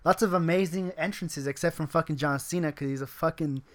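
A man's voice: fairly high pitch, brisk. A man chatting casually on a podcast, rambling and swearing freely, often laughing between his words. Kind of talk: casual chat.

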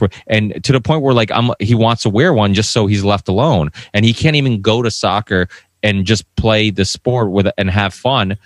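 A man's voice: on the low side, moderate pace, dry recording. A man co-hosting a podcast, ranting heatedly and swearing freely, with lots of restarts as he gets worked up. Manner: talks in run-on restarts. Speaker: podcast co-host. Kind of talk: casual podcast discussion.

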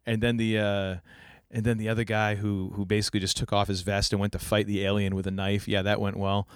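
A man's voice: fairly low pitch, level tone, a little fast, clean tone, no echo, studio quality. Rambling, enthusiastic male podcast host. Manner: rambling, enthusiastic, many restarts. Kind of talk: casual chat.

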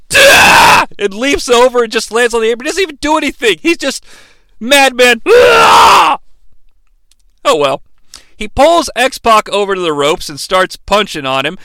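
A male podcast host recapping a wrestling broadcast in an animated, irreverent way, bursting into shouted impressions. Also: high voice, clean tone, no echo.

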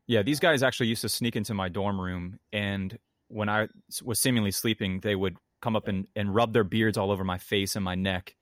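A man co-hosts a podcast as a pastor. He sounds earnest and reflective, with some dry humor. His voice sits a little low. The sound is dry and close, with no room around it. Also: fairly even intonation, a little fast, few pauses, no echo. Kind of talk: casual podcast conversation.

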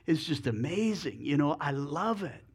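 A man's voice: fairly high pitch, big pitch swings, moderate pace, breathy edge, heavily acted. A man voicing a simple, good-natured male farm pig within a sermon story, in a folksy storytelling manner. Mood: content.

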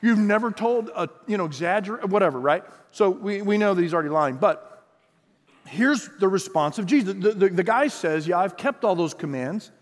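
A man preaching a sermon as pastor, lively and conversational, acting out quoted voices. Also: high voice, normal speed, in a large hall. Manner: animated, acts out quotes in voices.

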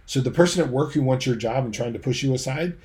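A male preacher delivering a sermon, guiding listeners through scenes he paints in detail. His voice sits at an ordinary middle pitch for a man. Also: fast, a little mellow. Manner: vivid storytelling, draws listeners into imagined scenes.

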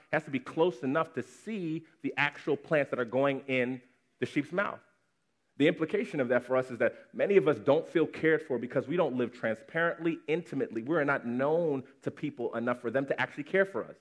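A man's voice: mid-range voice, brisk. A man preaching a sermon to his congregation in a conversational way, repeating words for emphasis. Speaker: pastor. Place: church congregation.

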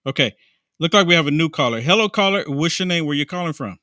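Bright energetic male talk show host. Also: a little high, quick pace, dry recording, studio quality. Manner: energetic, repetitive, takes callers. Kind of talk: casual talk show chat.

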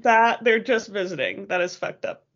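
Woman co-host, easy laugh, steady expressive reader. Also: mid-range voice, normal speed, dull audio. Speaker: book podcast co-host and reader. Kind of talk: casual chat and reading aloud from a novel.

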